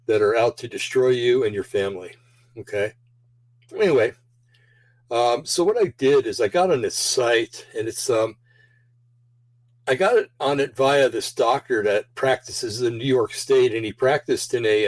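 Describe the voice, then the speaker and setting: A man's voice: mid-range voice, no room sound, low-quality recording. A man hosting a show in a casual, rambling monologue, full of fillers and restarts, and slightly out of breath. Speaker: show host.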